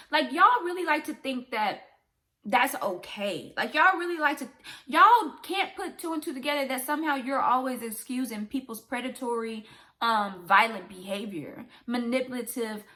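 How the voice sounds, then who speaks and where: A young woman vlogger talks straight to the camera in a commentary vlog, her voice high-ish, bright and forceful. She rants with passion and emphasis, repeating herself again and again.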